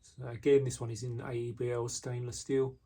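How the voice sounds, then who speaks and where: A man casually showing the knives he makes, talking in a relaxed way with frequent ums and restarts, indoors in his workshop. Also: mid-range voice, a little fast, very noisy. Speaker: knife maker. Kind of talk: casual product walkthrough.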